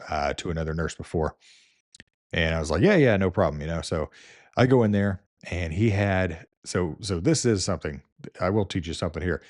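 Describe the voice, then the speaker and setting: A man with a very low voice tells his nursing stories in a loose, rambling way. He fills his talk with "uh" and "you know" and restarts often. The sound is close and dry. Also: no room sound. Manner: rambling, with many fillers and restarts. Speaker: nurse and video host. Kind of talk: casual storytelling.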